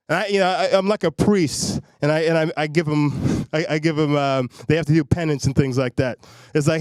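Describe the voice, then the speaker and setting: A man's voice: fairly high pitch, moderate pace, long pauses, darkish tone, smooth, no echo, studio quality. A man from Long Island doing a stand-up comedy set, loose and conversational, talking straight to the crowd. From Long Island, New York. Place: comedy stage in a studio.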